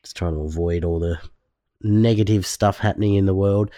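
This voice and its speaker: A man's voice: low-pitched, steady tone, moderate pace, mellow, no room sound. A man, hosting a podcast in casual, joking chat full of fillers. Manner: joking, rambling, many fillers. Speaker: podcast host.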